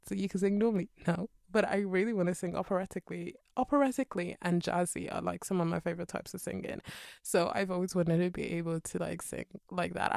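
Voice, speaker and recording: A woman's voice: on the low side, creaky, darkish tone, dry recording, clean studio sound. A young British woman from Birmingham chatting casually over a game build, rambling and apologetic, into a desk microphone at home. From Birmingham, England.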